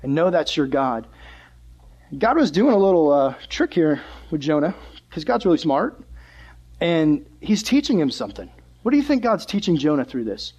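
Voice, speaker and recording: Brief: young male youth pastor, lively, chatty sermon, bright high voice. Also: normal speed, slightly rough. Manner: animated, conversational preaching.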